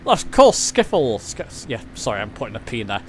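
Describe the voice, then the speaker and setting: A man's voice: mid-range voice, wildly swooping pitch, fairly quick, slight background noise. A man with an English accent giving casual live commentary while flying a simulator, chatty and self-deprecating as he answers his chat. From England. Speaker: flight sim streamer.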